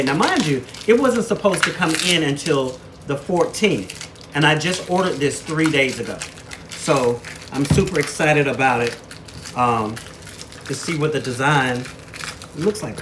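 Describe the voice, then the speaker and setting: A man chatting casually to camera in a weekly vlog, telling stories and showing off products in an animated, talkative way. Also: medium pitch. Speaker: vlogger. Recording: noticeable background noise.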